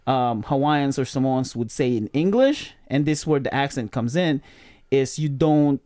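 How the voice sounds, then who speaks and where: Male podcast host, mid-pitched, chatty and rambling explainer. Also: measured pace, warm tone. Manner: rambling explainer, many fillers and restarts. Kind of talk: casual chat.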